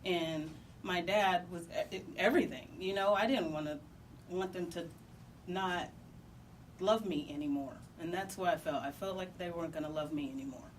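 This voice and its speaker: Halting woman telling a personal story. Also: on the low side. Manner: halting, emotional, many restarts and pauses. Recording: distant mic with faint background noise.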